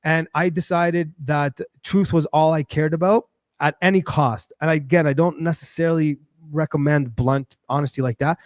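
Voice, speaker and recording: Rambling, fairly high-voiced man. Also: normal speed, no echo, studio quality. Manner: rambling, restarts often, animated bursts. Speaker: show host. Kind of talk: casual personal monologue.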